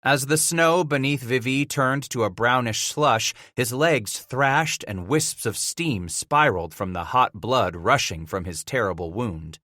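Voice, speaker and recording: Brief: male narrator, bright clear tone, dry close sound, measured delivery. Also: mid-range voice, dry recording. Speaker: audiobook narrator. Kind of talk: dramatic audiobook narration.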